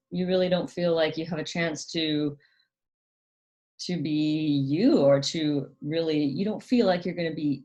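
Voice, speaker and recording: A woman hosting her own channel, explaining things gently in a casual monologue, often hesitating with ums and restarting her sentences. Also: sits low, dull audio. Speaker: channel host.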